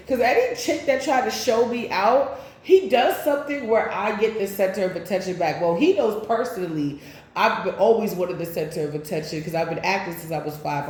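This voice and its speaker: Echoey, chatty woman tarot reader. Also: medium pitch. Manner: chatty, loose and profane, with sudden loud bursts. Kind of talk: casual spiritual reading and storytime. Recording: very echoey room.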